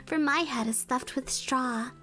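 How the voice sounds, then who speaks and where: A woman's voice: sits high, unhurried, pushed and bright, soft background music, voice pushed down. A woman voicing a simple-minded male scarecrow in a whispered role-play reading, plain and matter-of-fact.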